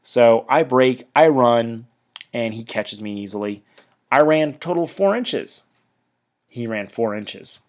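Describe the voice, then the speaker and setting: A man giving a casual battle report on a tabletop wargame. His voice sits at an ordinary middle pitch. He talks in chatty stop-start bursts and drifts into trailing asides. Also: lively intonation, slow pace.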